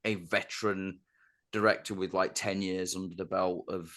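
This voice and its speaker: A man co-hosting a film podcast in casual chat, gushing and animated, with lots of filler words. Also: low voice, moderate pace. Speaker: podcast co-host.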